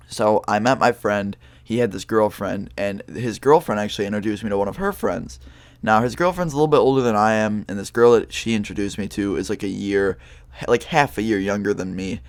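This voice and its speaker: Speaking directly to camera, a young male vlogger tells a personal story in a casual storytime monologue. He rambles loosely, using fillers and swearing, in a low voice. The audio is close and dry, with no room sound and no echo.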